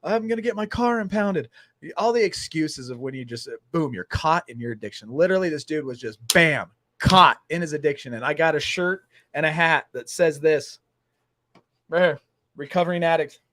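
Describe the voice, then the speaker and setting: A man hosting a casual talk show, telling a story with lively acted-out dialogue. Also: fairly high pitch, moderate pace, dry recording, studio quality. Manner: animated storyteller acting out dialogue. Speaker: host.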